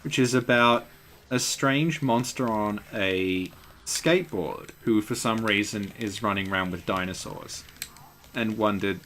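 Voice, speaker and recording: A man's voice: fairly low pitch, a little slow, a bit bright, slight background noise. A man hosting a game stream who chats casually and tells rambling, wry stories.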